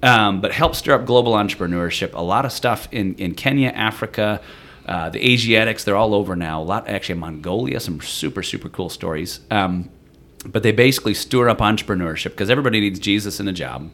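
Low-voiced man chatting as a guest. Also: a little fast. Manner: chatty, animated storytelling with many restarts. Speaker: interview guest. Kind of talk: casual conversation.

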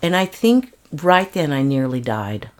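An older woman telling her personal story in an interview, earnest and halting, often restarting her sentences. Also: deep voice, big pitch swings, darkish tone.

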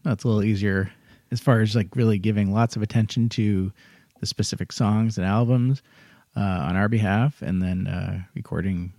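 A man's voice: fairly low pitch, fairly even intonation, moderate pace, a little mellow, dry recording, studio quality. A man hosting a casual music podcast, rambling and self-deprecating with lots of fillers. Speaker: podcast host.

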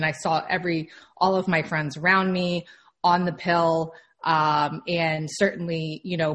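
A woman in her thirties, a holistic practitioner hosting a talk, explaining things in a measured way. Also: low voice, fairly bright tone. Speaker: holistic practitioner, podcast host. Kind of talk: conversational commentary.

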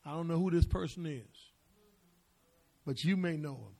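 A middle-aged male pastor preaching a sermon, repeating phrases and swinging from hushed asides to shouted declarations. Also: on the high side, normal speed, vocal fry, long pauses.

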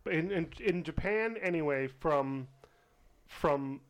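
A man's voice: on the high side, slow pace, clean tone. A man co-hosting a casual film podcast, easygoing and laughing a lot, often trailing off mid-sentence. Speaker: podcast co-host. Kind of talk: casual chat.

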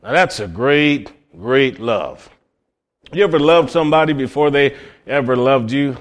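A man from Cleveland, Ohio, preaching a sermon with folksy stories, swinging between loud cries and low murmurs. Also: animated, a little slow. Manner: folksy storytelling.

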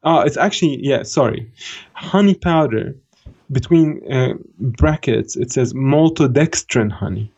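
A man in his thirties, co-hosting a podcast, telling a story in a casual, animated way with laughter. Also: medium pitch, a little slow, slightly rough, lo-fi sound. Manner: animated, laughing, acts out quoted voices. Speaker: podcast co-host.

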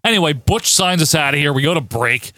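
Sarcastic lively man, bright voice. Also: fairly high pitch, fast, no echo. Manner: sarcastic, swears, laughs often. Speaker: podcast co-host recapping wrestling. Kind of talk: casual comedic commentary.

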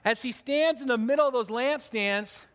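A man's voice: very high voice, normal speed, fairly bright tone. A man, a pastor, preaching a conversational sermon in a church, with earnest talk and frequent restarts. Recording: long hall reverb.

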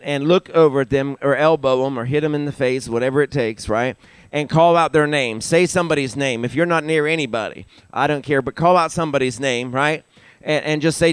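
An older man preaching a sermon in church, growing loud and animated as he builds to emphasis. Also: clear, resonant tone, no room sound. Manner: animated, rising in pitch and volume for emphasis. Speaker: pastor. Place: church sanctuary.

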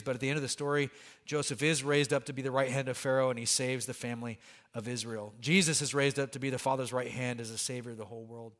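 A man preaching a sermon as pastor, conversational and animated, with humorous asides to the congregation. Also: mid-range voice.

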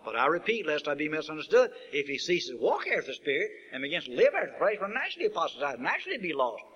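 A man preaching a sermon who builds to emphatic peaks and asks rhetorical questions, stretching out key words slowly. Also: fairly high pitch, very animated, fairly bright tone, breathy edge, dull audio. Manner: slow drawn-out stresses on key words.

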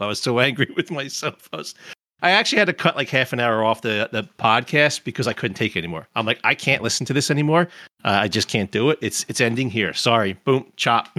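A man's voice: medium pitch, pushed and bright, no echo, clean studio sound. A middle-aged man hosting a casual podcast, rambling and self-mocking and laughing often. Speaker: podcast host.

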